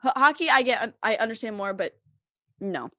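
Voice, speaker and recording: This young female podcast co-host rambles through a lengthy story, laughing a lot and saying "like" constantly in easygoing chat. She speaks at a moderate pace in a slightly high, pushed, bright voice with lively intonation, recorded dry and at studio quality.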